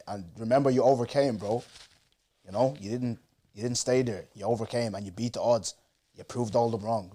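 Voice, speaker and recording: A man hosting a podcast, gently encouraging his guest in a casual way. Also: on the low side. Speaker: podcast host. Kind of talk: podcast interview.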